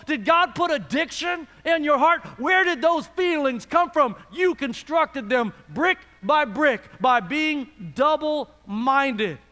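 A male pastor delivers a sermon in a very high, bright, forceful voice. He keeps calling out questions to the congregation and swings between booming appeals and quiet asides. His voice rings out with a long reverb, as in a large church hall. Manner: calls out to the congregation, rhetorical questions, swings from loud to hushed.

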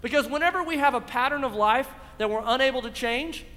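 High, bright-voiced preacher man. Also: a little fast, big-room sound. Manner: preaching with rhetorical questions to a congregation. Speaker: pastor. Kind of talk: sermon. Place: church.

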